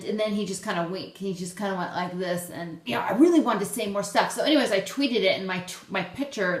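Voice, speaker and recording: A young woman hosting her own vlog, chatting excitedly and poking fun at herself. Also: mid-range voice. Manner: excitable, chatty, self-deprecating. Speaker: host. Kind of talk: casual vlog chat. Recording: roomy echo, faint background noise.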